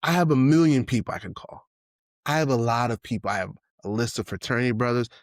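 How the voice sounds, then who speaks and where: A man's voice: medium pitch, expressive, fast, dry recording, clean studio sound. A man in his forties hosting a solo podcast, talking without notes in a candid, reflective way, full of restarts and "you know what I'm saying.". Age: 40s. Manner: candid and emotional, swears casually. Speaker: podcast host. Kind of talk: unscripted solo podcast monologue.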